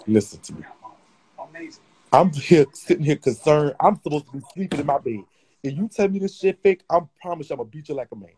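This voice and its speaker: A man's voice: a little high, expressive, a little fast, darkish tone, breathy edge. A man hosting a livestream, worried and scolding the people on the other end. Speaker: livestream host. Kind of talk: livestream chat.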